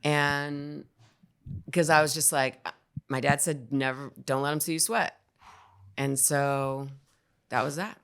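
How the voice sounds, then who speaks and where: A woman's voice: sits low, steady tone, unhurried, pauses often, fairly bright tone, smooth. A woman guest on a podcast, telling a story in casual chat and acting out the lines she quotes. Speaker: guest actor.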